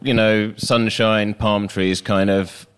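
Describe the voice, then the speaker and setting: A man's voice: lowish voice, flat delivery, slow, clean tone. Easygoing male podcast host from London, chatty and amused. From southeast London. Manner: laid-back, laughs often. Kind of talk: casual podcast chat.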